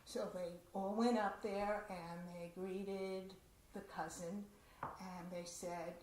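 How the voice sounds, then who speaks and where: A woman performing a personal story at a community event, with a chatty, animated telling and asides. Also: mid-range voice, takes it slowly. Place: community center hall. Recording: roomy hall with faint noise.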